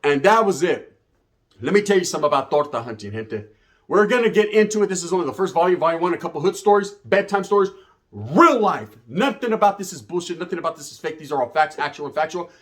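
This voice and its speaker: A man's voice: on the high side, animated, quick pace. A man telling a rambling, profane hood story full of slang. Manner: rambling, swearing, slang-heavy. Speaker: comedic storyteller.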